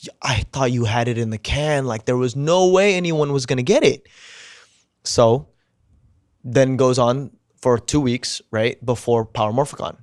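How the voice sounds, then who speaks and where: Male podcast guest, mid-range voice, lively anecdotal storyteller who swears and acts out the quotes. Dead, dry room. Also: mid-range voice, moderate pace, dry recording. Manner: drops to a hushed whisper at tense moments.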